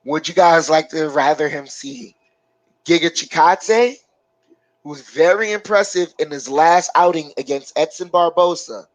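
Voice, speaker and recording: Higher-voiced man, dry and close. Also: dry recording, rough recording. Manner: rambling, halting with many fillers. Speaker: co-host. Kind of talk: casual live-stream sports chat.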